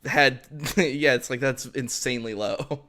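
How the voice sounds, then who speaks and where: A man co-hosting a casual podcast chat, halting and restarting his sentences as he looks things up. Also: medium pitch, pushed and bright. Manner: halting, restarts sentences while searching online. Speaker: podcast co-host.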